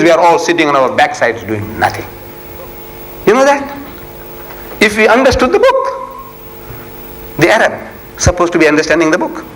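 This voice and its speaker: An older man from South Africa delivers a fervent religious lecture, his fairly high voice climbing to emphatic peaks as he fires rhetorical questions at the crowd. A faint hum runs beneath the recording. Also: fairly bright tone, rough recording. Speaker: Islamic preacher.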